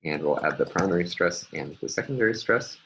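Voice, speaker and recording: Very low-voiced man lecturing methodically. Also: expressive, fairly quick, fairly bright tone, a little hiss or hum, low-quality recording. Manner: methodical, explains step by step with frequent ums and uhs. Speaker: linguistics lecturer. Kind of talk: recorded online lecture with screen annotation.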